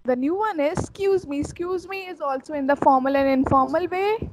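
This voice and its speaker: High-voiced woman teaching German. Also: a little mellow, slight background noise, rough recording. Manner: repeats phrases slowly for pronunciation drills. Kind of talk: demo language lesson.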